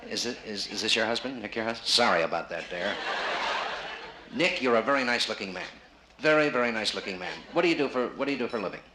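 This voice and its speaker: On a casino showroom stage, a male stand-up comic teases a man in the audience with fast, animated wisecracks in a low voice. It's a live 1960s vinyl recording, roomy and noisy, with audience laughter behind him.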